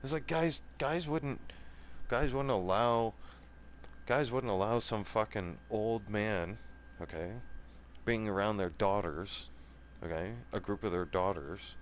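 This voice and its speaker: A defiant man rants straight into the mic in a fairly low voice, cursing constantly and tacking "right?" or "okay?" onto nearly every line. There's a faint hiss of room noise behind him. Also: slow pace. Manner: profane, repetitive, keeps asking "right?" and "okay?"; angry and defiant, voice rising and falling. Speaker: gaming channel host. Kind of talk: heated monologue rant.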